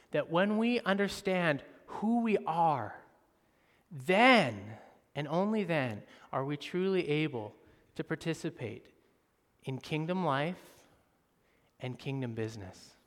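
Male pastor, high voice, long hall reverb, animated sermon delivery. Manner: animated, swings from soft and slow to loud and emphatic.

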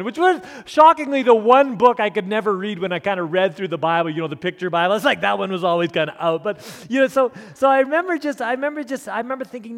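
Brief: man in his forties, pastor, high voice, earnest self-deprecating storyteller, long hall reverb. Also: animated, fast, hardly any pauses, fairly bright tone. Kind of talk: storytelling sermon talk.

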